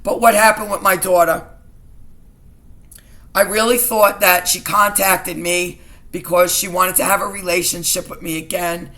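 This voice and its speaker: A woman's voice: lowish voice, flat delivery, unhurried, fairly bright tone. A middle-aged woman vlogging to her viewers in an emotional personal rant, indignant and agitated, often repeating herself.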